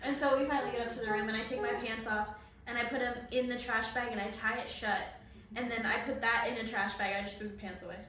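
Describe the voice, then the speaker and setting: A young woman co-hosting a podcast, telling a story in casual chat, animated and laughing often as she acts out quotes. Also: fairly high pitch, fast. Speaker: podcast co-host. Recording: echoey room, far from mic, faint noise.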